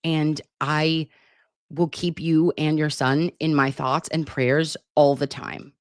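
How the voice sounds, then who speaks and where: On a casual livestream, a middle-aged woman talks fondly with her audience and reads out their comments, often being self-deprecating. Her low voice stays level and slow, picked up by a desktop computer mic with studio quality and no room sound.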